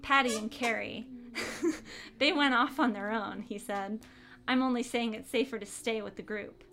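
A woman's voice: a little high, measured pace, a bit bright. A woman reading a story aloud during a comedic group reading, cracking dry jokes.

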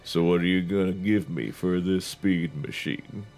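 A man voicing a dim, sly teenage boy with a low, sleepy Southern drawl while reading a book aloud. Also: steady tone, normal speed, gravelly, darkish tone, faint music behind. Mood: lazy. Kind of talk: comic book reading with voices.

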